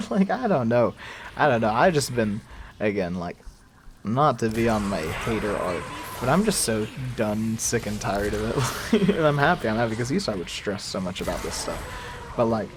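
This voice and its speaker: A man's voice: lowish voice, expressive, normal speed, background noise. A young man in casual let's-play commentary, chatty and rambling with fillers and laughs. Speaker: gaming YouTuber.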